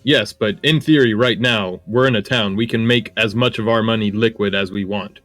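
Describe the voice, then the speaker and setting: A man's voice: lowish voice, normal speed, fairly bright tone, no echo, soft background music. A man playing a tabletop game, explaining things at length. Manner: wordy, explanatory. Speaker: player.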